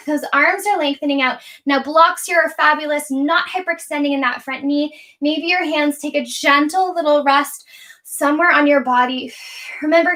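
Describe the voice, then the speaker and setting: High-voiced playful woman yoga teacher. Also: bright, forceful tone. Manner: playful, cueing breath and poses with asides. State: slightly out of breath while moving. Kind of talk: live guided yoga class instruction.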